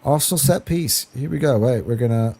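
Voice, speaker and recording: Excitable man hosting a fan chat show. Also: mid-range voice, fairly quick. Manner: excitable, swears freely, rambling restarts. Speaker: host of a football fan reaction show. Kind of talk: casual chat.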